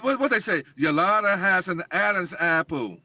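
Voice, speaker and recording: A man's voice: high voice, lively intonation, moderate pace, pushed and bright, dry recording. A man talking as a guest on a livestream talk show, speaking emphatically and insistently.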